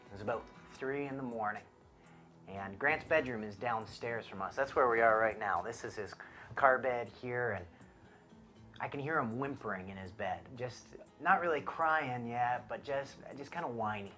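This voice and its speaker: A man's voice: medium pitch, moderate pace, bright, forceful tone, faint music behind. A young man, a father and youth pastor, giving an earnest devotional talk from his child's bedroom; he speaks conversationally and grows impassioned.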